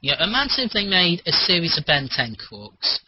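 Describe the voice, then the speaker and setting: Husky guy rambling on and cursing, kinda high voice, dull lo-fi audio. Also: moderate pace, no echo. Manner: rambling, animated, swears freely. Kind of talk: casual chat. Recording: muffled lo-fi recording.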